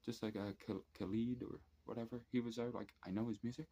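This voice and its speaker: A man's voice: medium pitch, fairly even intonation, quick pace, dark tone. A man in his thirties ranting casually to camera at night, telling rambling, profane stories with many fillers. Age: 30s. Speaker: vlogger. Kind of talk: casual late-night rant. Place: at home at night, drinking and smoking.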